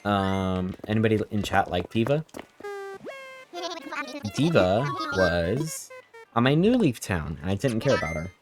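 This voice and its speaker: A man's voice: lowish voice, very animated, a little slow, pauses often. Jokey male game streamer. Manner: playful and jokey, chatting with chat. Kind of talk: casual gameplay commentary. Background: game music.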